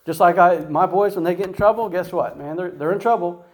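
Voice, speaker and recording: A man's voice: sits high, brisk, a little mellow, poor audio. A man giving an informal Bible teaching in a conversational way, often asking "right?" and "guess what?" to the listener. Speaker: preacher.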